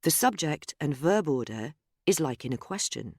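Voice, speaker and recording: A narrator reading a scripted grammar lesson in a measured, explanatory way, speaking example sentences aloud. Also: mid-range voice, big pitch swings, darkish tone, no room sound, clean studio sound. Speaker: course narrator.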